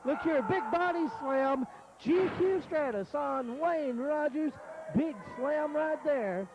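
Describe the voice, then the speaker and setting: A man calling a wrestling match play by play in a folksy, excited way. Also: very high-pitched, takes it slowly, lo-fi sound, noisy background. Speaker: wrestling commentator. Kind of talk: play-by-play commentary.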